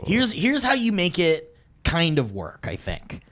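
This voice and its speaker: A man hosting a podcast in casual chat, animated and swearing freely in rapid bursts. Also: a little high, noisy background. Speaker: podcast host.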